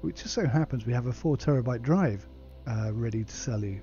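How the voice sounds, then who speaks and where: A man's voice: medium pitch, expressive, a little fast, dark tone, husky, muffled recording, faint music behind. A man hosting a let's play, reading game text aloud and muttering asides to himself. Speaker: gaming channel host.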